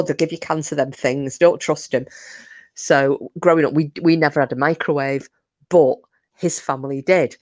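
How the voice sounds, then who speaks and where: A woman's voice: low-pitched, no room sound. A middle-aged woman, chatting and telling funny stories to viewers on a livestream. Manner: chatty, animated anecdotes with laughs and asides to viewers. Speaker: livestream host. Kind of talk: casual storytelling chat.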